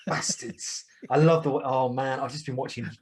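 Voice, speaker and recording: An Essex-accented man hosts a casual podcast, his voice a little husky and breathy. He talks in excited bursts that tumble over themselves, restarting sentences as he goes. His pitch sits right in the middle range. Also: fast. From Essex, England. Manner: excitable, rambling, many restarts. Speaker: podcast host.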